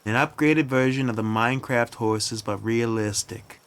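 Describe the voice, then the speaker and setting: A man's voice: mid-range voice, moderate pace, a bit bright. A man streaming a game live, chatting with his viewers and playfully mourning his in-game tools. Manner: playful, mock-solemn asides to chat. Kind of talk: live gameplay commentary to chat.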